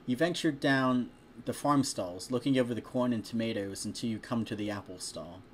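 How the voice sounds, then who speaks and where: A man's voice: medium pitch, normal speed, slight background noise. Chatty man reading a story aloud. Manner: chatty, breaks off to joke about the text. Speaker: fanfiction reader. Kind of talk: casual read-aloud of a story.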